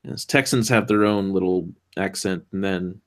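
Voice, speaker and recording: A man's voice: low-pitched, fairly even intonation, normal speed. A man chatting casually on a stream, hesitant and full of restarts. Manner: hesitant, many ums and restarts. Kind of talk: casual chat.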